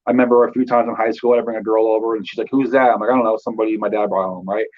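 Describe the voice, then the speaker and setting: A man's voice: on the low side, level tone, very fast, highs cut off. A man in his thirties from Northern California, a guest telling his life story in loose casual talk with many fillers. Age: 30s.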